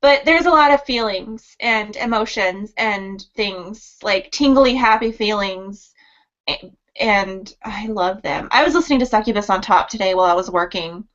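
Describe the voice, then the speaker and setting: A woman's voice: medium pitch, moderate pace, fairly bright tone, dull audio. Chatty woman book blogger on a call. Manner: chatty, giggly, repeats her guest's words. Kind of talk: casual video chat.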